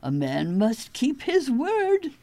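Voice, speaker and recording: A woman voicing a bossy, insistent female kangaroo, speaking high and emphatic in a scolding tone. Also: huge pitch swings, takes it slowly, dark tone, heavily acted.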